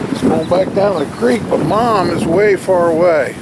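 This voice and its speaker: A man outdoors by a creek, gently coaxing a lost duckling and a squirrel while filming. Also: high-pitched, expressive, measured pace, few pauses. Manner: coaxing, soft-spoken, talks to animals like pets. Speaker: nature vlogger. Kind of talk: casual talk to animals. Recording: outdoor camera audio with stream noise.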